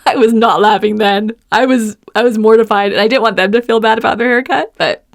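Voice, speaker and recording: A woman's voice: fairly high pitch, fairly quick, vocal fry, no echo, clean studio sound. A middle-aged woman hosting a podcast, telling personal stories in a chatty way and laughing often. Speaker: podcast host. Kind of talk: personal storytelling monologue.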